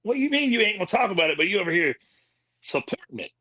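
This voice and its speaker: Guest man, casual livestream chat, high bright voice, husky edge, emphatic. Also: rapid-fire, no echo. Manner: animated, emphatic, folksy. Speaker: guest reviewer.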